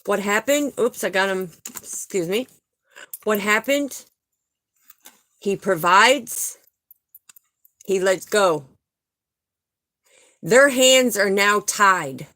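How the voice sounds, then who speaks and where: A woman's voice: mid-range voice, fairly bright tone. A middle-aged woman giving a live spiritual card reading, talking emphatically in a preacher-like cadence and often checking in with "okay?" and "right?". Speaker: spiritual tarot reader.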